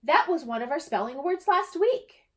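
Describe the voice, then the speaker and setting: A woman's voice: high-pitched, animated, normal speed, pitched above the performer's own voice. A woman voicing a chirpy, helpful young schoolgirl in a storybook reading.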